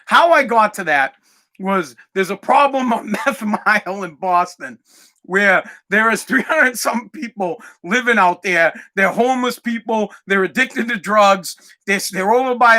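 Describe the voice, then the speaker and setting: A man's voice: high-pitched, bright, forceful tone. A young man hosting a podcast in a rambling, profane, casual monologue, often breaking into laughter. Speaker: podcast host.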